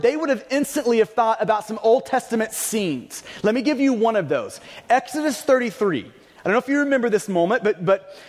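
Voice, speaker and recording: A pastor delivering a conversational sermon, stumbling and restarting, with bursts of raised emphasis. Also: male voice, very high voice, big-room sound.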